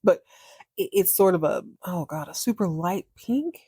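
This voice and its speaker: A woman's voice: lowish voice, lively intonation, normal speed, warm tone, husky, dry recording, clean studio sound. A woman hosting a podcast, giving a casual, candid and slangy recap of a TV episode. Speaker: podcast host.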